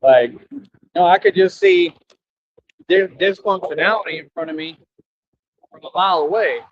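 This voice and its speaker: A man's voice: sits high, huge pitch swings, moderate pace, gravelly. A young man with an American country accent, a live streamer delivering a brash, preachy rant to his viewers. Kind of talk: ranting monologue to viewers. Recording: dull lo-fi stream audio with faint noise.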